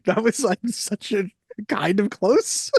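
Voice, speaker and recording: A man's voice: sits high, takes it slowly, darkish tone, husky, no room sound, studio quality. A man co-hosting a film podcast, chatting casually with a wry, joking manner. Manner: wry, jokey, quotes lines in little voices. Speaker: podcast co-host. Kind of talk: casual chat.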